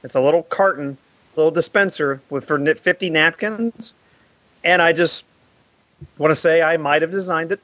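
A man co-hosting a podcast in casual chat, jokey and deadpan. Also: fairly high pitch, moderate pace, no echo. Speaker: podcast co-host. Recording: dull, dry sound.

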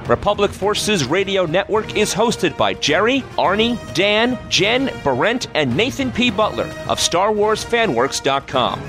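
A man reading scripted podcast credits and a disclaimer in a brisk, promotional way. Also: high-pitched, big pitch swings. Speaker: podcast announcer. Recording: music playing under the voice. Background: music.

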